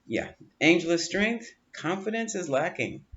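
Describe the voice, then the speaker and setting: A man's voice: sits high, very animated, unhurried, fairly bright tone. A man reading tarot cards, talking in a chatty, coaching way, often repeating words and breaking into laughter. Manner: coaching, reassuring tone. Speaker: tarot reader. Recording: dull lo-fi audio with faint room ambience.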